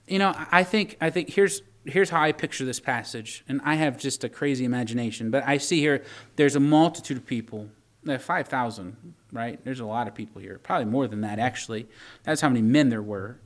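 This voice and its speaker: A man's voice: medium pitch, brisk. A man preaching a sermon in a conversational way, often repeating words and reading scripture aloud.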